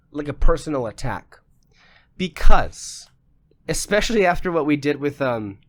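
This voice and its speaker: A man co-hosting a casual podcast discussion, ranting emphatically and with plenty of profanity, his voice getting a little worn. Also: fairly high pitch. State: losing his voice. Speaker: podcast co-host.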